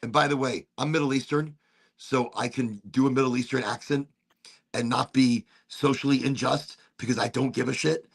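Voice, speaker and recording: Man, podcast host, casual chat, animated storytelling, frequent swearing, raspy, gravelly. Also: medium pitch, moderate pace.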